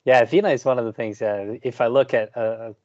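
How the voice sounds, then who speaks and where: Brazilian man, muffled relaxed chat. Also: medium pitch, brisk, no echo. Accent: Brazilian Portuguese. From Curitiba, Brazil. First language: Portuguese. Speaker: guest musician. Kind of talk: casual chat.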